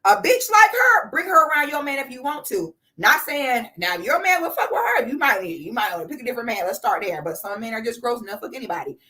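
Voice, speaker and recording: A woman's voice: a little high, sing-song, quick pace, hardly any pauses, sharp tone. A woman in her thirties giving blunt, profane, sarcastic commentary on a live stream. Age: 30s.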